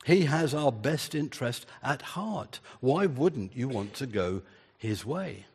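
Husky male preacher in a reverberant church. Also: mid-range voice, expressive, slow, darkish tone. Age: older. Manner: earnest, builds emphasis with repeated phrases. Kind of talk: sermon.

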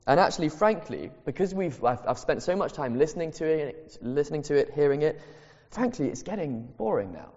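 A man's voice: on the high side, big pitch swings, a little fast, few pauses, a little mellow. A pastor preaching a sermon to his church, earnest and repeating key phrases for emphasis. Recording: echoey hall, dull lo-fi sound.

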